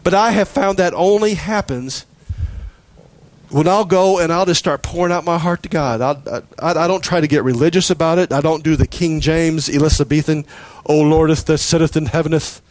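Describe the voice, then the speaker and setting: A man preaching a sermon, telling stories with laughs and acting out prayers in a lively way. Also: a little high, moderate pace. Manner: animated storytelling with laughs and acted-out prayers.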